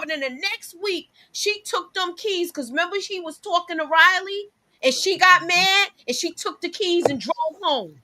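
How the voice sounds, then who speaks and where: A woman hosting a casual podcast chat, animated and emphatic as she tells a story. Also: very high-pitched, moderate pace. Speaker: show host.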